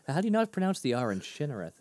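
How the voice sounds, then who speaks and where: A man's voice: a little high, sing-song, darkish tone, no room sound. A man in his thirties from near Boston, co-hosting a podcast in a casual, rambling way and laughing at his own jokes. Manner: rambling, self-deprecating, quick to laugh. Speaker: podcast co-host. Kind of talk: casual chat.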